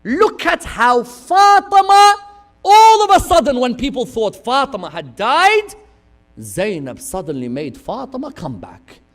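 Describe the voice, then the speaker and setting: A man preaching an impassioned religious sermon, swinging from loud cries to hushed asides and asking rhetorical questions. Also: extremely high pitch, huge pitch swings, measured pace.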